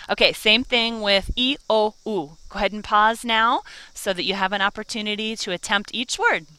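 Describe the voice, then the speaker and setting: A woman's voice: mid-range voice, normal speed, hardly any pauses, bright, forceful tone, smooth, no room sound. A woman teaching a Spanish lesson, encouraging and carefully over-articulating each vowel. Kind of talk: slow, clear language lesson.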